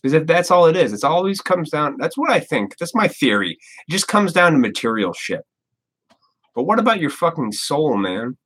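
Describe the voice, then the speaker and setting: A man's voice: fairly high pitch, very animated, normal speed, a bit bright, slightly rough. A man of thirty-four hosting a live stream, talking casually in a blunt, profane, rambling way. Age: 30s. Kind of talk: casual ranting monologue.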